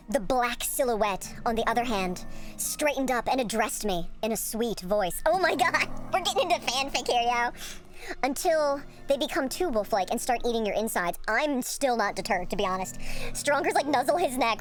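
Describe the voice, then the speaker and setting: A woman streamer reading a horror game's story aloud, breaking off into joking, laughing asides. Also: a little high. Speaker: gaming streamer. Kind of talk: reading a game aloud with reactions.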